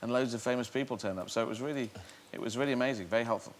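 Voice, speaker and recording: A man's voice: mid-range voice, very fast. A middle-aged man, a comedian guest on a chat show, telling rambling stories playfully and laughing often. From England.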